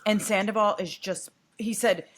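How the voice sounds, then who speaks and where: A woman's voice: mid-range voice, steady tone, normal speed. A woman co-hosting a podcast in casual chat, retelling scenes and mocking people in quoted voices. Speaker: podcast co-host.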